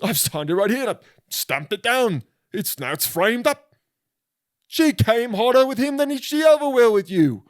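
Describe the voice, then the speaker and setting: A man's voice: very high-pitched, big pitch swings, unhurried, pitched above the performer's own voice, heavily acted. A man putting on a prim, officious notary with a stiff, pompous way of speaking.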